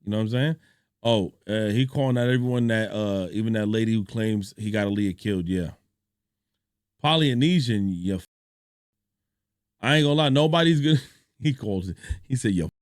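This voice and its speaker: A young man streaming a reaction video, telling stories in animated, slangy casual chat. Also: lowish voice, moderate pace, pauses often, no echo, studio quality. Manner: animated storytelling, slangy, laughs a lot.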